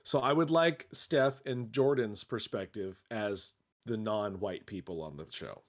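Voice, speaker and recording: A man's voice: on the low side, a little slow. A man with an American accent, co-hosting a podcast, rambling and swearing in casual chat. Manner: rambling, swearing, self-interrupting. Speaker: podcast co-host.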